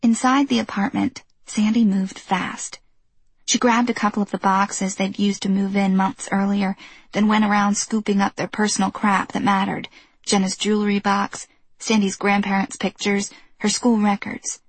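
Husky woman narrating an audiobook. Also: medium pitch, level tone, moderate pace, no room sound.

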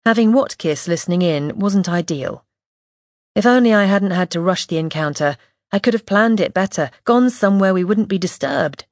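A woman reading a first-person audiobook in a measured, wry, observant way, close to the mic. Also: mid-range voice, expressive, no echo. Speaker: audiobook narrator.

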